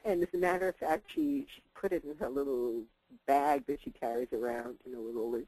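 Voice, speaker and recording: A man's voice: a little fast, creaky, no room sound, rough recording. An older man telling a family anecdote on a parenting podcast, chuckling often as he talks. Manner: chuckling, animated storyteller with a wide-ranging pitch. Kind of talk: anecdotal storytelling.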